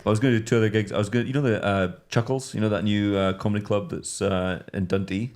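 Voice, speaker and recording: Man, very low pitch, rambling, deadpan, comedy podcast host. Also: fast talker. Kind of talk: improvised comedy chat.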